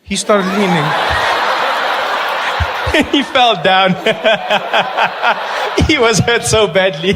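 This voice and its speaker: A man tells a stand-up story on a stage, his voice pitched high for a man. He is animated and laughs as he goes. There is noticeable noise under the live recording. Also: drawn-out words, long pauses. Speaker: stand-up comedian. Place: comedy stage with live audience.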